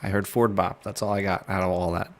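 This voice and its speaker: A man's voice: low-pitched, little pitch movement, fairly quick. Teasing wisecracking podcast man. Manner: teasing, wisecracking, mock-grumpy. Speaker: co-host. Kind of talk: casual podcast banter. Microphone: home mic on a video call.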